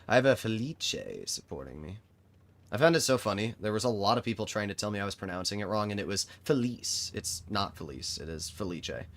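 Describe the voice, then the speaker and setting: A young man streaming a tank game live, giving sarcastic, exasperated commentary to his chat. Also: on the low side. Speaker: gaming streamer.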